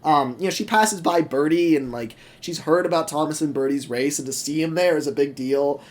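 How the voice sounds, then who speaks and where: A man's voice: a little high, brisk. A man co-hosting a casual podcast, telling a story animatedly with many fillers. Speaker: podcast co-host.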